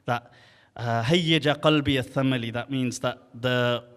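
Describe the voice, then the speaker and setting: A man giving a lively storytelling lecture at an event, speaking casually and acting out the dialogue. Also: medium pitch, a little slow. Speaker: Islamic scholar speaking at an event. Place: large hall at a live event. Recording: long hall reverb.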